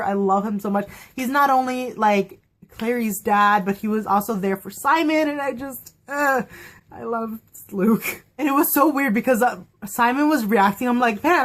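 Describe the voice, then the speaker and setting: Chatty, excitable young woman vlogger. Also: a little high. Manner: chatty and excitable, acts out quotes, laughs often. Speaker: vlogger reviewing a TV episode. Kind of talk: casual chat.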